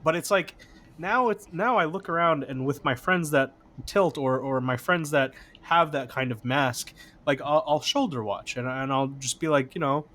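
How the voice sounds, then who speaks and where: A man's voice: fairly high pitch, sharp tone. A man speaking as a podcast guest in casual chat, rambling with frequent fillers. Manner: rambling, heavy use of "like".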